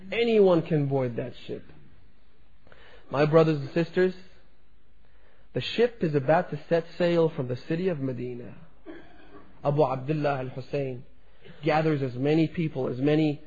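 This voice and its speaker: Impassioned high-voiced male preacher. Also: breathy edge. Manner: impassioned, swelling and dropping in loudness. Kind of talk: sermon storytelling. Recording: dull lo-fi recording.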